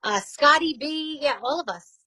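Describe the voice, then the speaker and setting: A woman in her forties with a New York accent, a radio host telling her story in a casual interview, candid and quick to laugh. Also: high-pitched, animated, pushed and bright, no room sound, rough recording.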